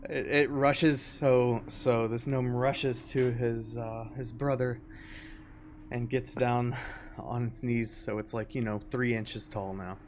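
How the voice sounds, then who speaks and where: A young man running a tabletop game as game master, narrating in an easygoing, halting way. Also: mid-range voice, level tone, a little hiss or hum. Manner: easygoing, hesitant with fillers.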